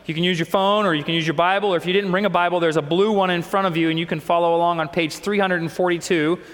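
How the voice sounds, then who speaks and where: A man's voice: high-pitched, fairly even intonation, fast talker, a bit bright, big-room sound. A male pastor preaching a sermon, telling a personal story earnestly and acting out the dialogue.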